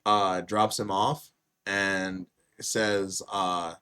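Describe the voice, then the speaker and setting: A man's voice: low-pitched, drawn-out words, clean tone. A man hosting a podcast, telling a wild story in casual chat, swearing a lot and acting out what people said. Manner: animated storyteller, heavy swearing, acts out quotes loudly. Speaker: podcast host.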